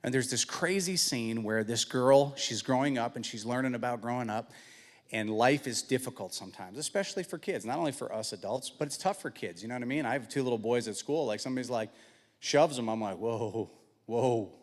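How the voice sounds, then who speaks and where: A man giving a personal testimony as guest speaker at a church, telling stories with lively acted-out dialogue. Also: medium pitch, brisk. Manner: animated storytelling, acts out dialogue. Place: church sanctuary. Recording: long church hall reverb.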